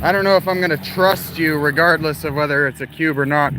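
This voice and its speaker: A man with a fairly high voice rambles through a casual livestream, answering his chat as he walks outdoors at night. He talks into a handheld phone past parked cars, with faint noise behind him. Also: brisk. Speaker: livestream host.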